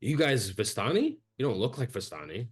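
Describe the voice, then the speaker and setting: A man's voice: medium pitch, big pitch swings, fairly quick, slightly rough, pitched above the performer's own voice. A man voicing a chatty, friendly male town guard who rambles and speaks a bit awkwardly.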